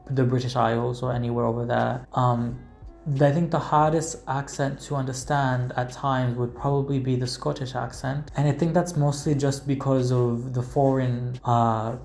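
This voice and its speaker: Mellow-voiced American man, rambling. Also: mid-range voice, creaky. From United States. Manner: loose and rambling, with many hedges and filler words. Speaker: English teacher. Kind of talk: casual explanation to camera.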